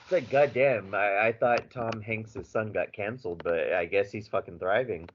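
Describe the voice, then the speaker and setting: Low-voiced man in casual podcast chat. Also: normal speed. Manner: animated, swearing, rambling with fillers. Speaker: podcast co-host. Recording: slightly dull audio with faint background noise.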